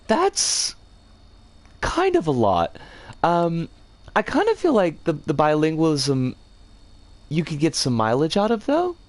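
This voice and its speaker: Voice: mid-range voice, wildly swooping pitch, a little slow, long pauses, no echo. A game streamer talking casually while building a level, chatting with viewers and often stopping to correct themselves. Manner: rambling, chats with viewers and reads chat aloud; self-correcting, trips over words.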